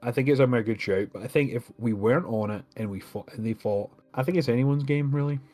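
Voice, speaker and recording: A man's voice: mid-range voice, brisk, dark tone, soft background music. A man co-hosting a casual podcast, chatting loosely with frequent laughs and fillers. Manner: laughs often, many fillers. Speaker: podcast co-host.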